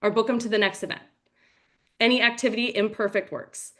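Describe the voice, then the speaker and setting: A woman giving a motivational talk on a team call, energetic and storytelling, acting out quotes. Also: on the high side, brisk. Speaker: team leader.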